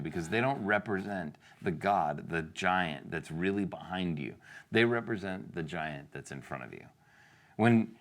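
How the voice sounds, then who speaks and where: Male pastor, very deep voice, casual sermon delivery, keeps asking the room questions. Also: fairly bright tone. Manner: conversational, asks the congregation rhetorical questions, acts out quotes.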